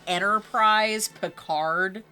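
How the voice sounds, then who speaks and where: A woman's voice: medium pitch, slow, music in the background. A young woman co-hosting a casual review show, laughing often and chiming in with agreement. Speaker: podcast co-host.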